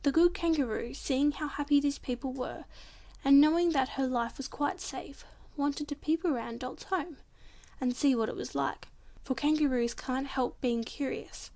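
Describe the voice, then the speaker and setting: A woman reading a children's storybook audiobook in a gentle, expressive narration. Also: high-pitched, normal speed, vocal fry.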